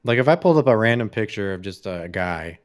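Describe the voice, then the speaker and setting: A man's voice: fairly low pitch, very animated, fast talker. A man co-hosting a podcast in casual chat, laid-back, swearing freely and laughing often. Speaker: podcast co-host.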